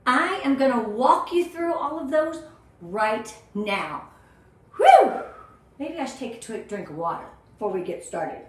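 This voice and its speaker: A bubbly, emotional woman with a high voice hosts a live-stream training and calls out to viewers by name. Her voice rings through a very echoey room, picked up by a phone or webcam. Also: lively intonation, normal speed. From Southern California. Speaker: sales team director.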